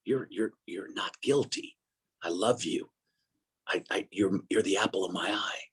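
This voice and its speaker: A man voicing God as a gentle, loving father, speaking low, soft and hushed, with a husky edge. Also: a little slow. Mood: tender, hushed. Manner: tender and reassuring.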